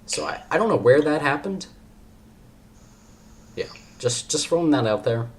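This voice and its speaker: Hosting a casual podcast chat, a young man rambles and jokes, often cutting in on his own sentences. His voice is on the high side, with lively intonation and a moderate pace.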